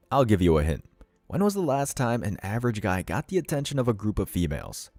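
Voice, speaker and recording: A man's voice: lowish voice, darkish tone, dry recording. A man hosting a reaction commentary, reading out comments and lecturing in a sardonic tone. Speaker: commentary channel host.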